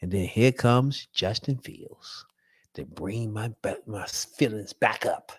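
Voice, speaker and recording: A man delivering a loud, profane, emphatic sports fan rant. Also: fairly low pitch, wildly swooping pitch, a little slow, breathy edge, dry recording, clean studio sound.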